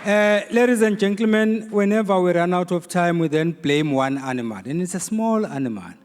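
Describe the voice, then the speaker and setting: A South African man with a notably high voice emcees the evening, joking with the audience and stumbling over uhs. His voice echoes through a large hall, with a faint crowd and background noise. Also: animated, normal speed, few pauses, darkish tone, smooth. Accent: South African English. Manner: jokey, with hesitant uhs. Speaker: programme director. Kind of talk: event emcee patter.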